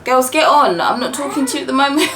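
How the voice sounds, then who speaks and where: A woman's voice: high voice, lively intonation, fast talker, noisy background. Chatty British mum in her kitchen. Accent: British English. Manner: chatty, talks through what she is doing, teasing. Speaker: mother, vlogger. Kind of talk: casual family vlog chat. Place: home kitchen.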